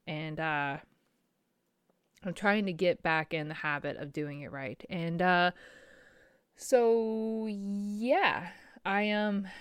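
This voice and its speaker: A woman's voice: lowish voice, clear, resonant tone, dry recording. A middle-aged woman speaking candidly and emotionally in a personal vlog, rambling with fillers and laughs. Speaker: small business owner.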